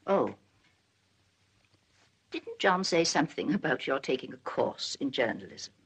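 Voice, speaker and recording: A woman's voice: a bass voice, sing-song, measured pace, breathy edge, full character voice. An actress playing a proper, anxious middle-aged mother in a 1930s film, prim and emphatic, lecturing her son's new wife.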